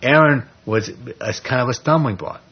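Man, husky voice, low pitch, casual Bible study teaching, muffled lo-fi recording. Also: normal speed. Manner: conversational, speculative, animated retelling with filler words. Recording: dull lo-fi recording.

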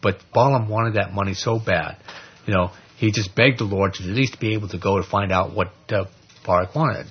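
Husky man preaching an informal Bible study. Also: on the low side, moderate pace, dull audio. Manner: conversational and animated, with frequent "you know" and "okay?" asides. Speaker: lay Bible teacher.

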